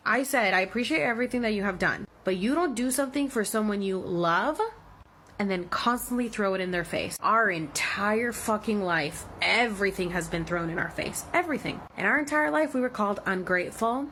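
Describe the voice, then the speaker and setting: A woman's voice: medium pitch, expressive, fairly quick, a bit bright, a little hiss or hum. A woman in her thirties ranting angrily into her own vlog, emphatic and swearing heavily. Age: 30s. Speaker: vlogger. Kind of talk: heated personal story rant.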